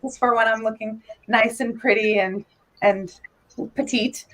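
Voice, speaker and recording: A woman chatting as a guest on a video call, playful, with a stream of "like" and quick asides. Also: a little high, fairly even intonation, fairly bright tone, low-quality recording. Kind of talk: casual chat.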